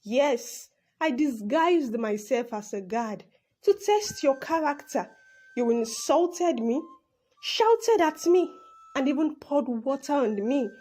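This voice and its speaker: A woman voicing a calm, self-assured young prince. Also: high-pitched, slow.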